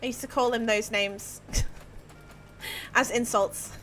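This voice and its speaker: A woman's voice: fairly high pitch, steady tone, slow pace, fairly bright tone, a little hiss or hum. An Australian woman chatting casually while she live-streams herself building in a game, giggling and playful, laughing often. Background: faint background music.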